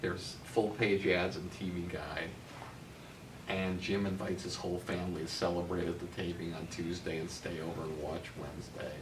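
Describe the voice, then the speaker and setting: A man's voice: low voice, moderate pace. A middle-aged man, a talent manager guesting on an interview, telling anecdotes casually with lots of um and uh fillers. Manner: animated storyteller, many um and uh fillers. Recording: roomy, distant mic, noisy.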